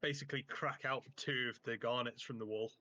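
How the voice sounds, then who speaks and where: Bright-voiced male game master. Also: mid-range voice, steady tone, a little fast, muffled recording. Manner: casual, rambling, many fillers and restarts. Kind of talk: narrating a tabletop game.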